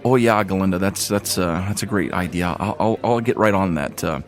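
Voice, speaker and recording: A man's voice: deep voice, a little fast, faint music behind, lightly acted. A man voicing a nervous, polite city guardsman who stammers and repeats himself. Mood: stammering.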